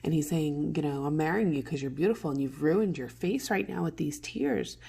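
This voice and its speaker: A woman teacher walks students through a play, reading lines and retelling them in easy everyday words. Her voice sits low with a gravelly edge. It also has a husky texture, and she keeps clearing her throat. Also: normal speed, dark tone. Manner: conversational, paraphrases lines in plain modern words. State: throat clearing from morning allergies.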